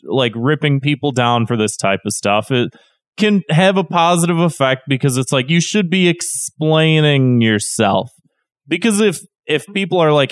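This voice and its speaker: A man's voice: a little high, lively intonation, moderate pace, dry recording, clean studio sound. A man co-hosting a podcast, chatting casually, hesitant and rambling with many restarts. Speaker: podcast co-host. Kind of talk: casual chat.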